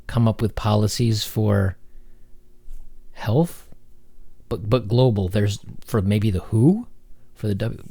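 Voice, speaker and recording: A man hosting a commentary video, reading an article aloud and mocking it sarcastically, with halting fillers. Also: on the low side, mellow, dry recording. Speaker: commentary channel host.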